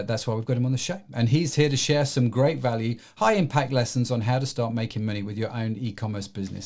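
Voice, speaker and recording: A man hosts an e-commerce podcast interview in a mid-range voice with a darkish tone. He talks in a chatty, rambling way full of fillers and restarts.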